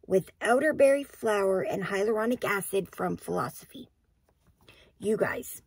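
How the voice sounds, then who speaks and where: Female beauty vlogger, raspy low-key voice, casual step-by-step demo. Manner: chatty, explains each step. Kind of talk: casual skincare tutorial.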